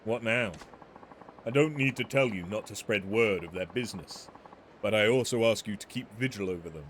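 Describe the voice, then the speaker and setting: A man voicing a calm, courteous master weapon smith in a video game, with formal, measured phrasing. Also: on the low side, a little hiss or hum, pitched below the performer's own voice, natural voice. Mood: composed. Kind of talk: reading game dialogue aloud.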